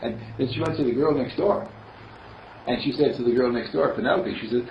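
In a medium-pitched voice and at a fairly quick pace, a minister delivers a spiritual sermon, chuckling and rambling as he tells stories. The recording is dull, roomy, and distant, with a touch of hiss or hum.

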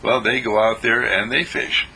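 A man telling a spiritual story in a rambling way, pausing and repeating words. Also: mid-range voice, fairly even intonation, pushed and bright, slightly rough, rough recording.

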